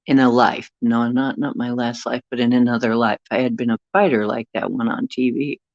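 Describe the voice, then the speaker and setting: A woman's voice: rumbling low, steady tone, a little fast, darkish tone, dry recording, dull audio. A middle-aged woman telling a rambling personal story to a live chat, stopping now and then to greet viewers. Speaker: paranormal livestream host.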